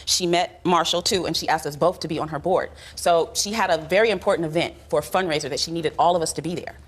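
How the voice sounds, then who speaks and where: A woman in her forties telling her side in a TV courtroom, animated and chatty, explaining at length. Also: low voice, fast. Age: 40s. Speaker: litigant. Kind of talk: storytelling testimony. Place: TV courtroom studio.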